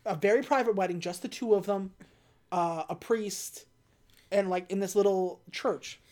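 A woman casually recapping a movie plot on a podcast, telling the story with lively energy and acting out the characters' lines. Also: mid-range voice, moderate pace. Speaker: podcast co-host recapping a film. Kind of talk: casual chat.

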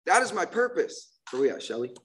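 A man's voice: high voice, big pitch swings, a little fast, fairly bright tone, a little hiss or hum. A man sharing his personal recovery story at a meeting, earnest and emotional, often restarting his sentences and saying "man, you know what I mean.".

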